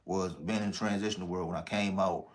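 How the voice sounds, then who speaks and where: A man's voice: low voice, fairly even intonation, quick pace, a little hiss or hum. A man giving an earnest testimony and speaking straight to his audience on a live stream. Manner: earnest, addresses the audience directly as "y'all". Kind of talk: testimony to viewers.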